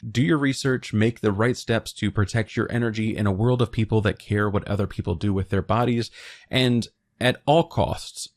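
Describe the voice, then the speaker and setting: A young man with a fairly low voice talks through his theories on a show in a loose, opinionated way. He mixes serious points with crude joking asides. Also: moderate pace. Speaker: video essay host. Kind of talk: casual commentary.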